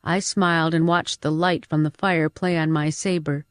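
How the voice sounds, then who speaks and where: Slow, low-voiced woman narrating an audiobook. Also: steady tone, dry recording, studio quality. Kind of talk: first-person audiobook narration.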